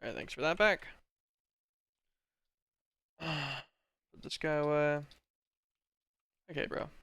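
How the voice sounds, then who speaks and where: A man talking through a game stream, thinking aloud as he plays. His commentary is relaxed and rambling, full of little "um"s and "like"s. His voice comes across smooth, with a dry, close sound. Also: fairly high pitch, slow pace, no room sound.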